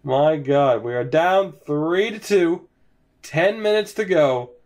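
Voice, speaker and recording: A man's voice: on the high side, slow pace, darkish tone. A young man casually commentating his hockey video game franchise at home, sighing, yawning and sounding resigned as his team loses. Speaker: gaming commentator. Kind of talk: casual let's-play commentary.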